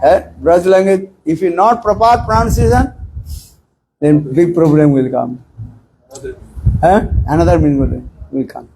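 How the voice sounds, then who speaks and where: A man giving a slow, high-voiced sermon in broken English. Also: mellow, slight background noise, poor audio. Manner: broken English, frequent questioning "eh?" to listeners; acts out short quoted exchanges with raised voice. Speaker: spiritual teacher giving a discourse. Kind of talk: informal sermon with anecdotes.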